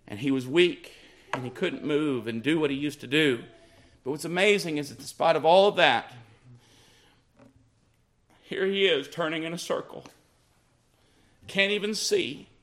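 A man preaching a sermon, emphatic and repetitive, his voice swinging up and down. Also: a little high. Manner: emphatic, rising and falling with repeated phrases.

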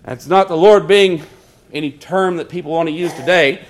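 Man, middle-aged, preacher, sermon, high-pitched, earnest, scripture-quoting. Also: moderate pace. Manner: wry storytelling asides in a lower, quieter voice.

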